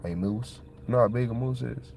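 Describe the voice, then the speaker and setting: Excitable man rambling in slang. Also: mid-range voice, moderate pace, creaky, slight background noise. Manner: excitable, colloquial, repeats himself. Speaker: channel host. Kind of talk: casual rambling monologue.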